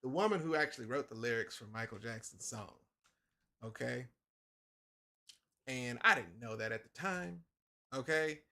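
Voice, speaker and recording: A man's voice: mid-range voice, normal speed, long pauses. A middle-aged man hosting a live comic-drawing stream, chatting casually and acting out his own outbursts as he tells stories. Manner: animated storyteller, acts out his own outbursts. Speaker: livestream host drawing a comic. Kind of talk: casual chat while working.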